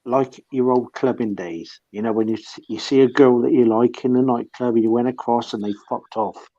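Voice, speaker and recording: A man's voice: mid-range voice, fairly even intonation, moderate pace, warm tone, muffled recording. A man in a casual group chat, teasing the host with blunt banter.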